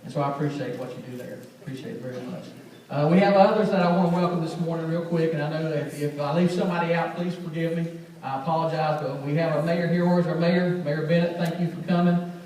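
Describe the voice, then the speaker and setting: A man's voice: on the high side, steady tone, quick pace, darkish tone. A man leading a school system, giving a rambling welcome speech at a school assembly with many restarts and thanks. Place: school assembly hall, indoors. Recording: echoey hall from far off.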